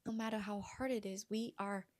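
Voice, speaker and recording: A woman coach speaking earnestly and gently to her viewers, often dropping to a soft near-whisper. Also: medium pitch, fairly even intonation, a little fast. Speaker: vlogger and healing coach. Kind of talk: heartfelt personal talk to camera.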